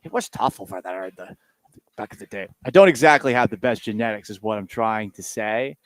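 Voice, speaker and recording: A man's voice: fairly low pitch, brisk, dry recording. A man hosting a sports radio show, talking casually in a sarcastic, rambling, self-mocking way.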